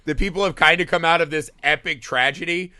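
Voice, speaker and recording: A man's voice: on the high side, fairly even intonation, a little fast, pushed and bright, no echo, clean studio sound. A man co-hosting a casual movie podcast, riffing loosely, acting out scenes in silly voices and swearing freely. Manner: swears often. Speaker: podcast co-host. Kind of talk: casual movie review chat.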